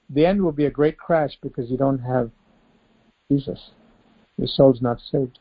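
A male preacher delivers a devotional sermon in a somewhat high voice. He piles up rhetorical questions and repeats words for emphasis. The recording sounds dull and lo-fi. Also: steady tone, normal speed.

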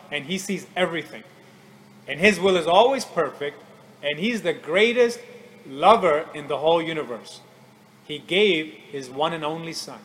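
A man preaching a radio sermon in an earnest, measured way, often quoting scripture. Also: fairly high pitch, fairly bright tone, rough recording.

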